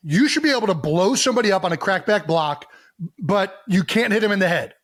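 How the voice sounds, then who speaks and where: A man with a notably high voice co-hosts a casual football podcast, easygoing yet firm in his opinions. His pitch moves a lot as he talks and laughs. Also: expressive, brisk, fairly bright tone. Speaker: podcast co-host, football player. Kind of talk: casual sports chat.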